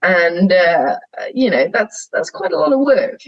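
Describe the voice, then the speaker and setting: A woman's voice: fairly low pitch, big pitch swings, unhurried, gravelly, no room sound, highs cut off. A young woman, a sheep shearer guesting on a podcast, talking frankly and animatedly, laughing often as she tells stories. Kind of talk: candid conversational interview.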